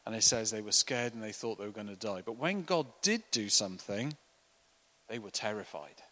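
A man preaching a sermon, animated and acting out the voices of people in the story. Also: lowish voice, normal speed, low-quality recording. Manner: animated, acts out voices of the disciples.

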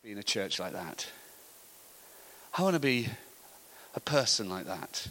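A middle-aged man preaching a sermon, telling animated stories and laughing often. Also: on the low side, unhurried.

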